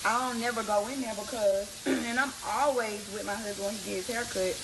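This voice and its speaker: Woman, slightly high voice, casual animated storyteller, slangy and direct, noisy recording. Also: fairly quick, vocal fry. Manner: animated, slangy, talks straight to the audience. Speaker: reality show personality telling a story. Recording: background noise under the voice.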